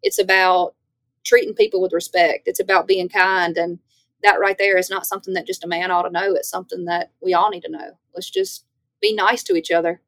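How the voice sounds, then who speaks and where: A woman's voice: on the low side, fairly quick, no echo. Southern woman with a Louisiana accent. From Northeast Louisiana. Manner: animated, folksy storytelling. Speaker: country singer guest. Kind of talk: podcast interview.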